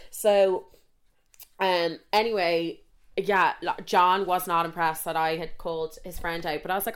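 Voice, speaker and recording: A woman's voice: fairly low pitch, fairly even intonation, normal speed. Frank, swearing young woman. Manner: frank and swearing, self-mocking, many fillers. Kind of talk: casual storytelling.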